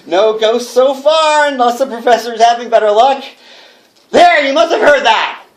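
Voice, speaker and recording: A man's voice: very high-pitched, normal speed. A man performing a jittery radio announcer who chatters nervously to his listeners and laughs to himself, read live before an audience in a bookstore. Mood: nervous, chatty. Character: jittery male radio announcer alone in a haunted house. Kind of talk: live reading of a one-man radio play.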